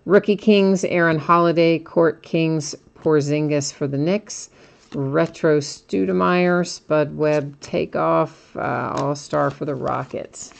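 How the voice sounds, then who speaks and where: Host, female, low-pitched, casual stream talk, rattles off card names, chats with viewers. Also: slow, gravelly. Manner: casual, reads card names in a steady list, answers viewers by name. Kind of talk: live stream card opening with chat replies.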